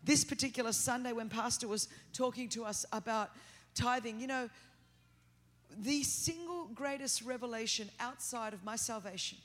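A middle-aged woman with an Australian accent, preaching a sermon as a guest in a church, talking hard, fast and without pause. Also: on the high side. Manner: fast, energetic, continuous delivery. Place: large church auditorium. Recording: long hall reverb.

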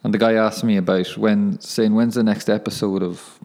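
A man's voice: fairly low pitch, fairly even intonation, normal speed, a little mellow. A young man hosting his own podcast, chatting casually in a rambling, self-correcting way and laughing at himself. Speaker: podcast host and professional footballer. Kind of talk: casual solo podcast monologue.

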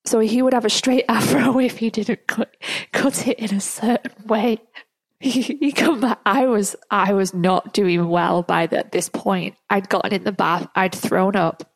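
A woman's voice: medium pitch, fairly even intonation, a little slow, vocal fry, no echo. A woman hosting a podcast, telling a personal story in a chatty way and laughing often along the way. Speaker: podcast host.

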